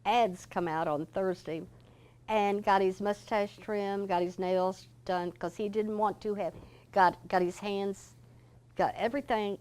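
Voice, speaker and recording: Older woman, author guest, folksy and animated storyteller. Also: on the low side. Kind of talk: interview storytelling.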